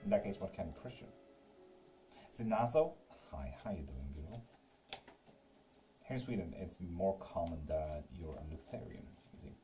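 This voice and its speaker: A man with a low voice runs a free live tarot stream and answers his chat in a loose, joking way. He curses casually as he reads comments aloud and flips cards. His tone is dark and mellow, and faint music plays behind him. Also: big pitch swings, normal speed, long pauses. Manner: joking and teasing.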